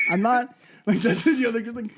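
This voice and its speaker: A man's voice: extremely high pitch, unhurried, background noise. A young man, a comedian in casual podcast chat, self-mocking, laughing often and throwing in "man" and "dude".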